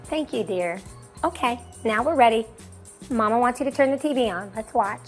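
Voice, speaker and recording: A woman with a fairly high voice hosts a comedy showcase in wry, campy banter. Faint music plays behind her. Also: expressive, moderate pace. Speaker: show host.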